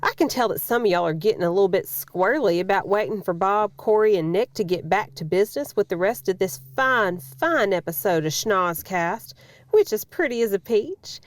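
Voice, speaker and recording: A woman's voice: medium pitch, dry recording, lightly acted. A chatty Southern woman announcer played by a woman who leans on homespun sayings. Her drawl rises and falls a lot, in a medium register, recorded dry and close. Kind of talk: scripted comic promo read.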